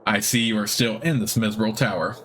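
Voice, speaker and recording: A man's voice: on the low side, steady tone, quick pace, a bit bright, a little hiss or hum, close to an everyday voice. A bitter old male cat familiar grumbles about everything in a sullen, dismissive way, as a man reads him aloud. This is dialogue from a fantasy video game, read out during a playthrough. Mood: sulky.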